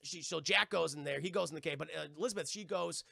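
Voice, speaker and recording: Gravelly, excitable man recapping a film. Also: fairly high pitch, quick pace, dry recording, studio quality. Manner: excitable, profane, acts out scenes. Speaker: streamer. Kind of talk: casual movie recap.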